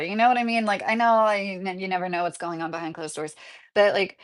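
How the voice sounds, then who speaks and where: A middle-aged woman chats casually on a livestream, rambling through answers to viewers with plenty of fillers and frequent laughter. She talks fast in a mid-range voice.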